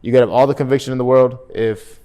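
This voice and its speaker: A man giving an energetic, emphatic sales coaching talk, often checking in with "right?" and acting out phone calls in different tones. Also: medium pitch, fast. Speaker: real estate sales coach.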